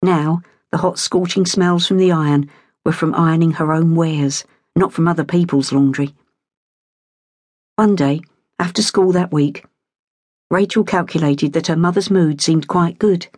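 Audiobook narrator, woman, lowish, measured, dry booth sound. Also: steady tone, darkish tone, no room sound. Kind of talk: scripted narration.

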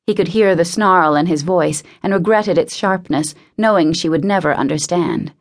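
A woman narrates a novel in a measured, intimate tone. Her voice sits slightly low. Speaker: audiobook narrator. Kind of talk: scripted narration.

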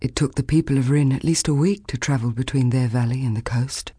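A woman narrating a children's fantasy audiobook in a measured, expressive storytelling manner, recorded close in a studio. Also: extremely low pitch, husky, no echo. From Australia. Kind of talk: scripted narration.

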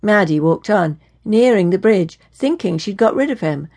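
A woman narrating a suspense audiobook in a steady, measured storytelling manner. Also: mid-range voice, slightly rough. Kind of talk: scripted narration.

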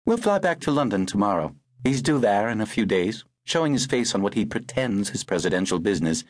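A man's voice: lowish voice, sing-song, fairly quick, no room sound, clean studio sound. A man reading the lines of a poised, wry older upper-class woman in an audiobook.

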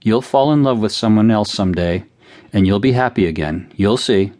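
A man voicing a mother who speaks to her crying daughter in a worried, gently soothing way. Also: lowish voice, expressive, moderate pace, natural voice. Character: caring mother of two, anxious and comforting.

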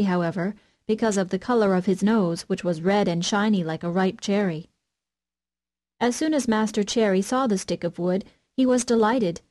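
A woman narrating an unabridged classic children's audiobook, gently addressing young readers. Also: mid-range voice. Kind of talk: scripted storybook narration.

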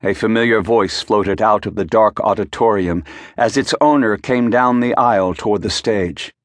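Low-voiced male audiobook narrator. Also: moderate pace, no echo, studio quality. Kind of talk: scripted narration. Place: recording studio.

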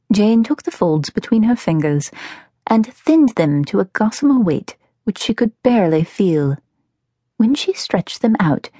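A woman reading her novel aloud as an audiobook narrator, telling the story in an expressive, measured way. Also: medium pitch, husky, dry recording, studio quality. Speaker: author and narrator.

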